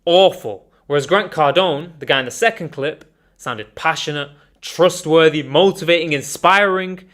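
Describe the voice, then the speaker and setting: A man teaching an online communication course in an energetic, emphatic way, calling his viewers guys. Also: on the high side, moderate pace. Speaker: communication coach.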